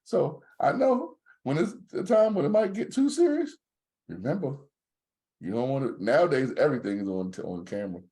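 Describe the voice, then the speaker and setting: A man's voice: mid-range voice, moderate pace. A man co-hosting a podcast, in casual joking banter. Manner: joking, animated storyteller. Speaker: podcast co-host.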